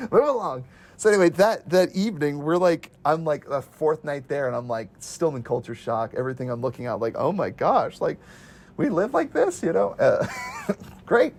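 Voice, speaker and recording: A man's voice: a little high, expressive, normal speed, a little mellow. A man casually recounting his missionary days as an interview guest, chatty, laughing often and acting out the voices he quotes.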